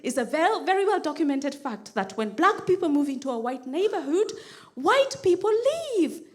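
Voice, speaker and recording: High-voiced woman doing stand-up. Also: big pitch swings, moderate pace. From Kenya. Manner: laughs often, acts out characters in high squeals. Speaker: stand-up comedian. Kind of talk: stand-up routine. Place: comedy stage before a live audience.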